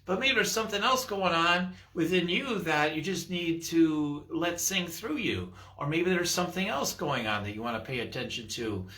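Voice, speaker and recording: Bright-voiced rambling spiritual coach man. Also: sits high. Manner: enthusiastic, rambling, acts out voices and laughs. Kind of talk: rambling live-stream coaching talk.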